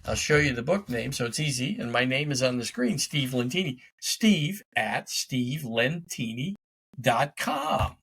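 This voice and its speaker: A middle-aged man giving an energetic, emphatic motivational talk as a life coach, speaking straight to his listeners in a conversational way. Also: medium pitch, vocal fry, breathy edge. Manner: energetic, emphatic, conversational, talks to his dog mid-show. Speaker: life coach and podcast host. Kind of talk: motivational direct-to-camera talk.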